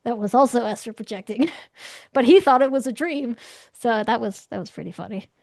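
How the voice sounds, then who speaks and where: A young woman, a guest being interviewed about astral projection, tells stories in a chatty way, saying "like" a lot and laughing often. Her voice is a little high and brisk, gravelly with a darkish tone, and the recording is dry.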